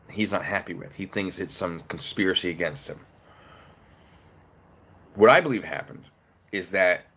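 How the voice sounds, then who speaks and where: Brief: low-pitched man, casual opinionated commentary, faint background noise. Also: fairly bright tone. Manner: conversational, opinionated, breaks down the case step by step. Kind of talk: casual commentary while eating.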